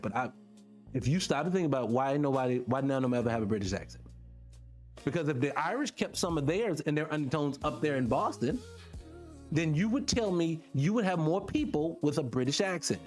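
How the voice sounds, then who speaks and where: A man hosting his own video, talking casually to his viewers, calling them y'all and firing off rhetorical questions. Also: on the high side. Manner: animated, keeps asking rhetorical questions; talks directly to the audience as y'all. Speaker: vlog host.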